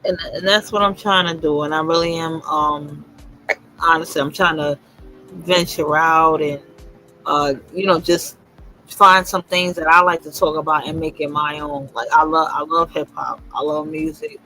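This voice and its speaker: Bright-voiced man, reflective livestream host. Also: on the high side, moderate pace, faint music behind, rough recording. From New York. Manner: reflective, emphatic, repeats himself. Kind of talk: casual livestream chat.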